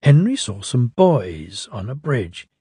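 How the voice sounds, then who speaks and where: A man reading a children's storybook aloud in a lilting, expressive way. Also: medium pitch, takes it slowly, slightly rough, no echo, clean studio sound. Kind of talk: storybook narration.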